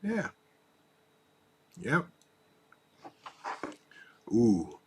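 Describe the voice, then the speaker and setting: A man's voice: medium pitch, huge pitch swings, very slow, slight background noise. A man hosts a casual live stream, reading out viewer comments, laughing easily and coaxing his dog. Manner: easygoing, laughs often, talks softly to his dog.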